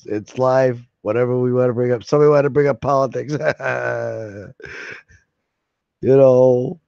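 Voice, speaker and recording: A man hosts a casual live stream, rambling loosely and cracking jokes at a mid pitch. His audio is dry and a bit muffled, with a lo-fi home-stream quality. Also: normal speed, creaky, a little mellow, no echo. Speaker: livestream host.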